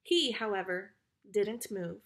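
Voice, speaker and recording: A woman narrating a children's storybook in an expressive, lively reading. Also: medium pitch, slow pace.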